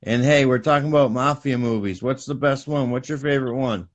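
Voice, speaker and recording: A man with a Birmingham accent, co-hosting a podcast, talking in a relaxed, casual way and swearing freely. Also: medium pitch, fairly quick, muffled recording. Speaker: podcast co-host. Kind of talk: casual chat.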